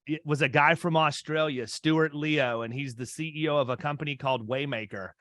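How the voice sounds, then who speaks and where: A man's voice: fairly high pitch, fairly even intonation, fairly quick, fairly bright tone, no echo. A man in his fifties hosting a podcast interview, chatting casually and often restarting his sentences. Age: 50s. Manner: rambling, restarts mid-sentence. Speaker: podcast host.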